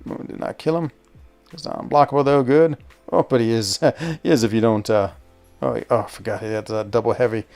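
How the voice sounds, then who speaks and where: A man hosting a live stream, chatting casually while he plays a game. He thinks aloud, reacts quickly to what happens on screen and often trails off mid-sentence. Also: medium pitch, steady tone, creaky, darkish tone, soft background music. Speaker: streamer and show host. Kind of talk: casual live gameplay commentary.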